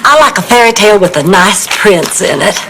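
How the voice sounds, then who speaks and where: A woman's voice: medium pitch, lively intonation, brisk, noisy background, close to an everyday voice. An actress playing a flirtatious, vain middle-aged woman in a sitcom, with a coquettish, self-admiring delivery. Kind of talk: sitcom acting.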